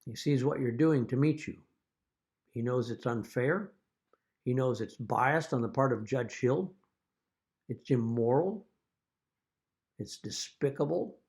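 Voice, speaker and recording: A man speaking as a father straight to his children in a video message, earnest and deliberate, now and then telling a wry joke. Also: medium pitch, vocal fry, a little mellow. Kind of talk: direct-to-camera video message.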